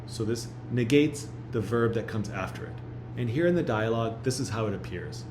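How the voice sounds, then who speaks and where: A man teaching a recorded language lesson, speaking slowly and carefully and repeating each example phrase. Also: medium pitch, echoey room, noisy background. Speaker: Chinese language instructor.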